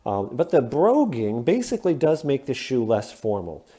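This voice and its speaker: A plain-spoken man from the American Midwest talks through his explanation one step at a time, often pausing to ask "okay?". His voice is mellow and relaxed, sitting at an ordinary middle pitch. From Midwestern United States. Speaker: shoe hobbyist host. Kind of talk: casual instructional explanation.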